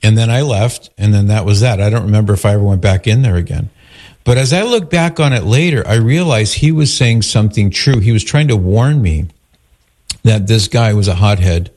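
A man hosting a call-in radio show, telling a personal story and acting out the people in it. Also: lowish voice. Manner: storytelling, animated when quoting others.

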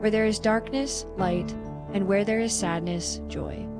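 A woman presenting a radio spot and reading a prayer in a calm, measured way. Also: mid-range voice. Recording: prayer read over loud music.

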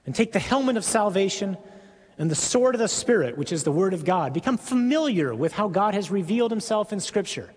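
Husky, earnest male preacher. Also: sits high, big pitch swings, darkish tone, in a large hall. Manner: earnest, emphatic, with pauses. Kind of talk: sermon.

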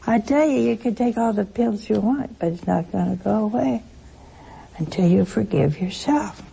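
With a warm, slightly rough, creaky mid-range voice, an older woman speaks at normal speed with lively intonation. Addressing a broadcast audience as a religious speaker, she keeps her sermon conversational, full of stories, rhetorical questions, and frequent laughter.

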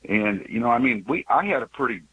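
A man's voice: mid-range voice, lively intonation, brisk, breathy edge, highs cut off. A man in his sixties calling in to tell an earnest, rambling personal story, often stopping and restarting his sentences. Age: 60s. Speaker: caller.

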